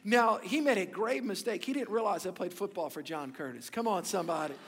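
The high-voiced pastor preaches at a fairly quick pace, his delivery shifting from loud emphasis to hushed, intimate moments. Long reverb fills the church, and there is a slight hiss or hum.

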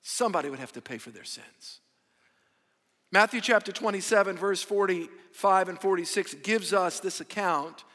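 Male pastor, high voice, emphatic sermon delivery, long church-hall reverb. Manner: emphatic, drawn-out stressed phrases, swings between loud and hushed.

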